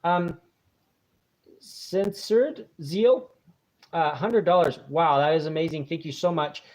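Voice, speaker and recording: A man hosting a casual live stream, warmly thanking viewers and rambling with many fillers and restarts. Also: a little high, fairly even intonation, moderate pace. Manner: warm and grateful toward viewers. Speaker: channel host reading viewer donations.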